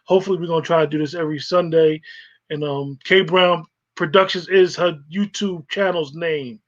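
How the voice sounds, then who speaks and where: A man hosting a casual podcast chat, talking in a halting way with restarts. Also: fairly high pitch, steady tone, lo-fi sound. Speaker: podcast host.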